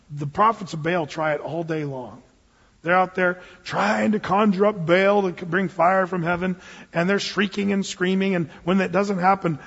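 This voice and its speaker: A man preaching a sermon to a congregation, retelling a story in a casual, animated way. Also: a little high, slightly rough. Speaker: pastor. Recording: dull recording with long hall reverb.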